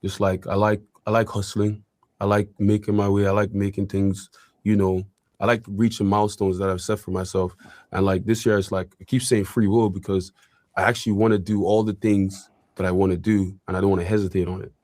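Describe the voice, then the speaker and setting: A man's voice: lowish voice, little pitch movement, fairly quick, a little mellow, no room sound, studio quality. A young man from Ireland, talking as an interview guest in a casual, rambling way full of fillers. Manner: rambling, filler-heavy, with frequent likes and you-knows. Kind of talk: casual conversation.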